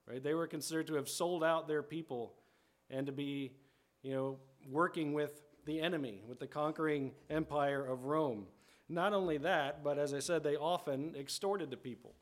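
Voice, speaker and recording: A pastor with a slightly high voice preaches a sermon in a conversational style. As he explains scripture, he keeps checking in with the congregation and rephrasing his points.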